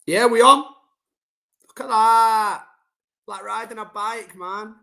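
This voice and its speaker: A man's voice: high-pitched, steady tone, slow, gravelly, sharp tone. A young man ranting bluntly and casually to his chat during a football live stream, swearing and using slang.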